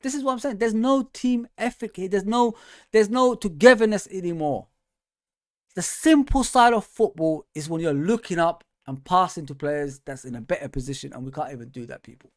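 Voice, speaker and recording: A man's voice: normal speed, a little mellow, no room sound. Guy hosting a fan show, worked up and ranting, says bro a lot, dry close mic. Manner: frustrated, exasperated ranting with rising pitch; casual slang, calls listeners bro and man. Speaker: host. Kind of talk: fan show commentary reading viewer comments.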